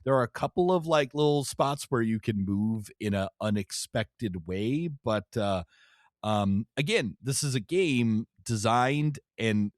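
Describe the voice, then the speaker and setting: A man's voice: mid-range voice, expressive, measured pace, no echo, studio quality. A man co-hosting a tabletop game podcast, chatting casually and joking, often chuckling as he rambles through his points. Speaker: podcast co-host, game master.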